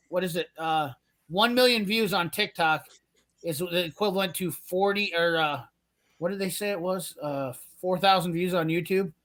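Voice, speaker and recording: A man with a high, bright voice rambles through a story on a casual garage-talk stream. He acts out what others said and breaks into laughs as he goes. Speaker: podcast host. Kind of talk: casual garage chat livestream.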